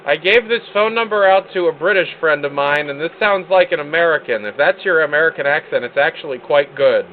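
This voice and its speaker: A high-voiced man hosts a live stream, excitable and joking, with swearing sprinkled through his chat. The sound is thin and phone-like, with a faint hiss behind it. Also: brisk. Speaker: streamer host.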